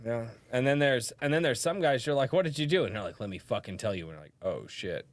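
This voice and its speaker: Lively, swearing male podcast host. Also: mid-range voice, fast talker, no room sound. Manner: animated, profane storytelling with acted-out quotes. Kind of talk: casual podcast chat.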